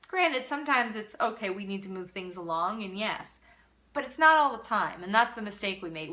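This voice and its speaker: A woman's voice: mid-range voice, bright, forceful tone. A middle-aged woman teaching parents in a live Q&A, earnest and acting out little quotes of parents and kids. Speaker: parenting educator.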